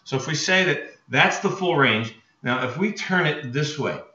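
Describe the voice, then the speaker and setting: An energetic male motivational speaker drives his points home with crisp, bright emphasis. The sound is roomy and a little dull, like a lo-fi recording in an echoey space. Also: fairly high pitch, normal speed. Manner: energetic, emphatic, with many checking "right?" and "okay?" asides. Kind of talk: motivational talk to an audience.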